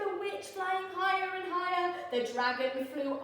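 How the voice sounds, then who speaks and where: A woman teacher reading a picture book aloud in a lively, expressive, sing-song way. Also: very high-pitched, a little slow, hardly any pauses, distant mic. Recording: very echoey room, voice off-mic.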